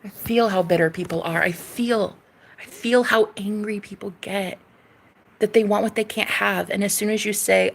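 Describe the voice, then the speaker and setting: A woman's voice: medium pitch, fairly even intonation, moderate pace, vocal fry. A woman vlogger delivering a sassy, profane rant straight to camera, mocking her critics and laughing often. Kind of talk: ranting monologue to camera.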